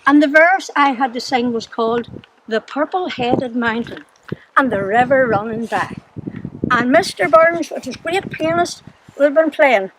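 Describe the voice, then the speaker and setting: An older woman with a Northern Irish accent telling childhood stories to children, chatty and quick to laugh. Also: sits high, animated. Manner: chatty storyteller, laughs often. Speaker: storyteller to children. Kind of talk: recounting childhood memories. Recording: noisy background.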